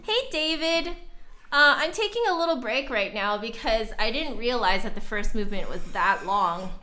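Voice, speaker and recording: A young woman flutist chats casually with her live-stream audience, giggling often, slightly out of breath, and reading the chat aloud. Her voice is on the high side and sharp in tone, with lively intonation and a moderate pace.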